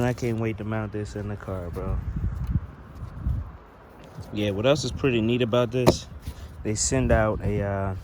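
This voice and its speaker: A young man who vlogs about car audio gives a casual, slangy, profane unboxing commentary beside a car outdoors, filming on a handheld phone. His voice is lowish, with background noise.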